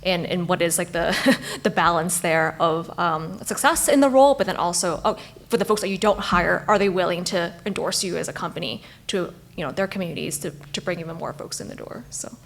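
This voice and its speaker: A woman's voice: on the low side, brisk, vocal fry, hardly any pauses, a little hiss or hum. A woman panelist building on others' points in a casual way, often saying "like". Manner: casual, sprinkles in "like". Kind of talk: panel discussion answer.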